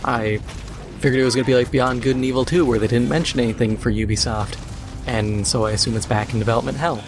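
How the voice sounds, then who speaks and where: A man's voice: medium pitch, steady tone, fast, over music. Sarcastic man ranting over gameplay. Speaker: gaming video host. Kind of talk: casual gaming commentary while playing.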